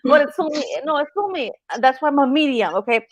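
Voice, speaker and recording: A woman's voice: sits high, expressive, fast talker, no room sound. A woman hosting a casual livestream as a medium, emphatic, swearing freely and repeating herself.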